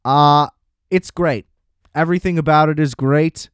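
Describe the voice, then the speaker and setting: A man's voice: fairly high pitch, fairly even intonation, a little slow, clear, resonant tone, dry recording, clean studio sound. A man hosting a podcast, ranting in a casual, exasperated and profane way. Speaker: podcast host. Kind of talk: casual solo podcast rant.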